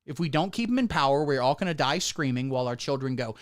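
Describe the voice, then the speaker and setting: A man streaming sarcastic commentary, swinging between deadpan mutters and sudden squeaky outbursts. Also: fast talker. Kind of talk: satirical livestream commentary.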